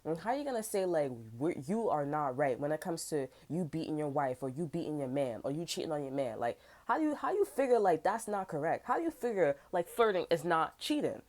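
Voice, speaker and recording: A woman's voice: sits low, big pitch swings, brisk, hardly any pauses, a little mellow. A young woman giving a rambling, casual tarot reading, frank and full of fillers. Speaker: tarot reader.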